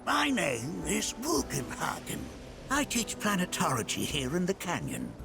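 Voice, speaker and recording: An actor voicing a wise, chuckling old male sage in a video game, speaking in a slow, kindly, grandfatherly way over game music. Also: high-pitched, wildly swooping pitch, bright, forceful tone, heavily acted. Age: older. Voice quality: gravelly, chuckling. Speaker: elderly scholar character in a video game.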